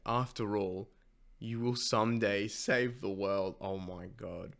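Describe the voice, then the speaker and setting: Male reaction host, reads manga lines, excitable, sweary, casual. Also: mid-range voice. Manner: swears and gasps while reacting; reads character lines in his plain voice.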